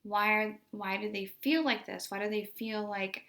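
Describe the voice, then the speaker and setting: A young woman talks about her work as a special education teacher in a relaxed, unscripted way. She speaks at a middle pitch and fills her sentences with "like" and "you know". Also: moderate pace. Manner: conversational, many fillers like "like" and "you know". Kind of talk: casual storytelling monologue.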